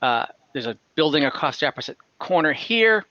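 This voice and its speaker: Bright-voiced man running an online tabletop game. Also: on the high side, sing-song, brisk, no room sound, dull audio. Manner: rambling, many fillers and restarts while describing scenes. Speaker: dungeon master. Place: online call from home.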